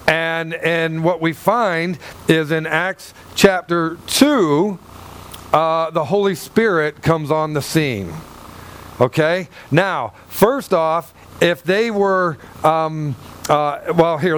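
A man's voice: on the high side, slow pace, a bit bright. A male pastor preaching to a congregation, reading scripture and telling a story, repeating himself and asking 'Amen?' and 'Okay?'. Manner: rambling, repeats and restarts, checks in with the congregation. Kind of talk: sermon with Bible reading and anecdote.

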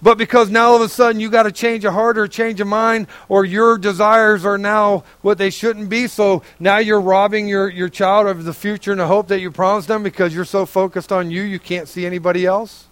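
A man's voice: high voice, flat delivery, a little fast, hardly any pauses, a bit bright, clear, resonant tone, no room sound. A middle-aged man preaching a sermon, fervent and folksy, pleading with his listeners. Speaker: pastor.

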